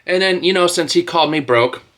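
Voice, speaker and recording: A man's voice: on the high side, brisk, a bit bright. A man in his thirties ranting to camera as a street racing vlogger, mocking and trash-talking with lots of swearing.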